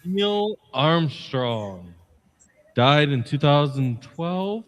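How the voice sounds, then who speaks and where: A man's voice: on the high side, sing-song, very slow. A man co-hosting a casual podcast, reading out dates and agreeing. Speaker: podcast co-host.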